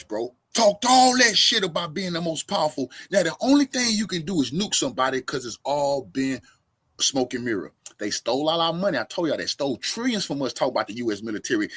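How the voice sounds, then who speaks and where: A man's voice: a little high, very animated, fairly quick, slightly rough. Fired-up, profane male host. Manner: profane, fired-up, swings from loud to muttering. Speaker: host reacting to a clip. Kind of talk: heated commentary.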